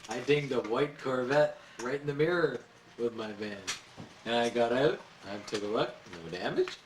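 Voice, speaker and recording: A man's voice: mid-range voice, animated, moderate pace. A man at a house party telling a short, matter-of-fact story about his old job. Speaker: party guest. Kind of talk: casual anecdote. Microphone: home video camera. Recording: roomy, distant home video with noise.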